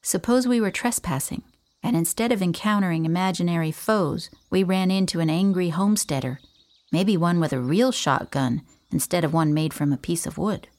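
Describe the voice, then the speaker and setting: Low-voiced woman narrating an audiobook. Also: moderate pace, darkish tone. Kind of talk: scripted first-person audiobook narration.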